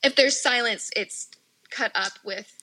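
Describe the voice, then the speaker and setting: A woman's voice: on the high side, measured pace, sharp tone, rough recording. A woman from the United States, chatting casually with many fillers and frequent laughter. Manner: giggly, chatty, lots of fillers. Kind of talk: casual chat.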